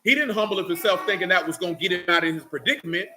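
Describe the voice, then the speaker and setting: Male Bible teacher, high bright voice, preachy, keeps quizzing the class. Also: expressive, fast talker, a little hiss or hum. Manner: preachy, calls out questions to the class. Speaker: teacher leading a Bible study. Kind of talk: sermon.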